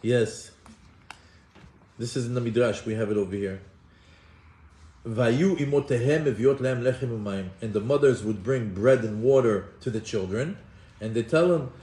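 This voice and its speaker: A man teaching as a rabbi in a storytelling sermon, acting out the quotes in lively bursts and switching between Hebrew quotations and English translation. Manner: animated, acts out quotes with rising pitch and fast bursts. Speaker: rabbi giving a Torah class. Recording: echoey room.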